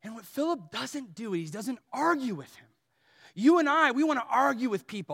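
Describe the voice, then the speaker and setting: A man preaching a sermon, animated, swinging between loud emphatic lines and soft low ones. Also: moderate pace, vocal fry. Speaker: pastor. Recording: long hall reverb.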